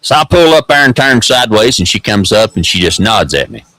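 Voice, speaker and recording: A man's voice: fairly low pitch, big pitch swings, brisk, sharp tone, dry recording, low-quality recording. A man with an East Tennessee accent hosting a vlog, rambling through a casual story in a folksy drawl with lots of repeated words. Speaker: host.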